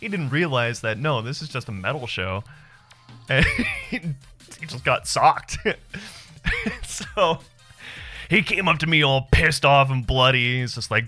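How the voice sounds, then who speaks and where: Lively, bright-voiced man in his thirties. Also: mid-range voice, measured pace, long pauses, faint music behind. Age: 30s. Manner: loose, profane storytelling with frequent laughs. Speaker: live streamer. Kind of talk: casual chat with viewers.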